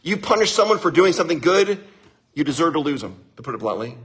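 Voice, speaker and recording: A man's voice: fairly high pitch, big pitch swings, fast, a bit bright, breathy edge. A man hosting a live stream and giving casual marriage advice. He talks animatedly, chuckles often and keeps checking in with his listeners.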